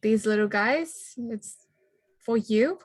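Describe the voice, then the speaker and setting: A woman with a slightly high voice playing her character at a game table. She giggles often and stumbles over her words, and the sound is close and dry. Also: takes it slowly, husky, no echo. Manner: giggly, hesitant. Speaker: player.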